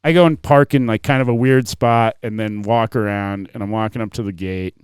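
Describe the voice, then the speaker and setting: A man's voice: on the low side, brisk, clear, resonant tone, dry recording, studio quality. A man hosting a podcast who tells a long story in casual chat, acting out the people in it and swearing a lot. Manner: animated, profane, acts out quoted people. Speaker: podcast host.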